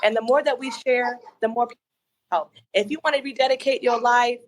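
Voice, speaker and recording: A woman's voice: a little high, steady tone, a little fast. A woman guest on a podcast, speaking earnestly and encouragingly about faith. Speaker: podcast guest, lifestyle coach. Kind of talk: heartfelt testimony.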